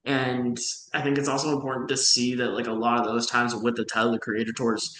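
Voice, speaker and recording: A young man co-hosting a podcast, reviewing albums in a measured, analytical way with frequent restarts. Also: mid-range voice, little pitch movement, fairly bright tone, echoey room, slight background noise, low-quality recording. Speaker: podcast co-host. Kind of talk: casual music review chat.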